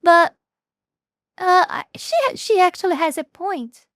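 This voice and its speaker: High-voiced hesitant woman commenting. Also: measured pace, a bit bright, no echo, clean studio sound. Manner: hesitant, frequent restarts and fillers. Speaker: reaction video host. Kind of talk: casual commentary.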